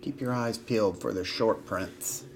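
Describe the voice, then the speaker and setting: A man's voice: fairly low pitch, a little slow. A man hosting a live trading card break, chatting and joking with viewers as he calls out cards. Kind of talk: casual live box break chat. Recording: loud crinkling of card wrappers.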